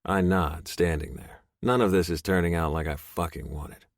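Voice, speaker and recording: A man narrating a romance audiobook in first person, gruff, profane and intense. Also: low-pitched, fairly even intonation, moderate pace, no room sound, studio quality.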